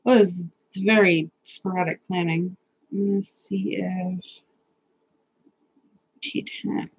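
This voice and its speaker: A woman's voice: fairly low pitch, fairly even intonation, very slow, gravelly, a little hiss or hum, poor audio. A young woman hosting a casual live stream, chatty, nervous and self-deprecating, swearing now and then as she sorts out technical problems.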